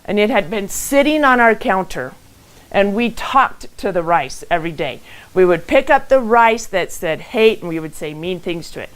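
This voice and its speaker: A middle-aged woman giving a motivational talk from her own home and telling stories with lively acted quotes. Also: mid-range voice, moderate pace, low-quality recording. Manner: animated storytelling with acted quotes. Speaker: motivational speaker hosting a live event. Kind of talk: live-streamed motivational talk.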